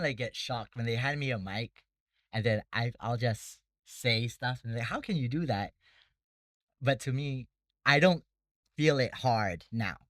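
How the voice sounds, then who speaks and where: A man's voice: medium pitch, a bit bright, no room sound. A man who runs a debate academy, talking casually in an interview and explaining things step by step with many fillers. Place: Bangkok.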